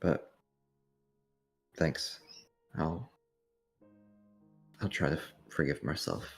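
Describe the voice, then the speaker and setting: A man voicing a remorseful, guilt-ridden young woman adventurer, speaking quietly and haltingly. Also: rumbling low, expressive, vocal fry, husky, faint music behind, heavily acted. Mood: weary.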